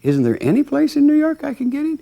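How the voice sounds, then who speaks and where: A man's voice: very high-pitched, huge pitch swings, fast, vocal fry, warm tone, voice pushed up, heavily acted. A man voicing an eager soul about to be born, asking wheedling questions.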